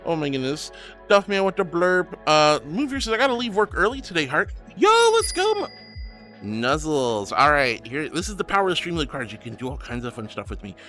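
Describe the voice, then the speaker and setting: A male streamer with a high voice chats live with his viewers, gushing and giggly as he thanks them. His pitch swoops all over the place, and faint music plays underneath. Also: very animated, brisk, pushed and bright. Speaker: VTuber streamer. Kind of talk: live stream chat, reading viewer messages.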